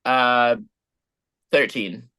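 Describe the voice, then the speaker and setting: A man being interviewed as a guest over a video call, answering in a relaxed way with many hesitations and easy laughs. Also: mid-range voice, drawn-out words, clean tone. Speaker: guest musician.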